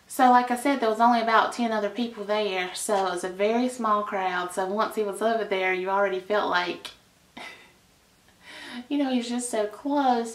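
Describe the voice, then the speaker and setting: Woman vlogger, gushing chatty storyteller, mid pitch, echoey room. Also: normal speed. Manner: chatty and gushing, with sighs and laughs. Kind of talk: casual storytime.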